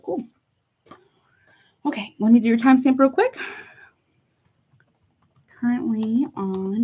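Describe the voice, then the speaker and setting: A woman's voice: a little high, husky. A woman doing a casual tarot reading for her viewers, chatty and heartfelt, calling listeners honey. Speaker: tarot reader. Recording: slightly dull lo-fi audio.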